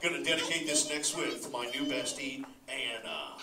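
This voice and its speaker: In a mid-range voice at normal speed, lightly acted, a man portrays a relaxed surfer sea turtle dad who can't stop saying "dude" and laughs a lot while chatting with a live audience. He's lively, stoked and laid-back, heard from a distance in an echoey hall over a noisy background.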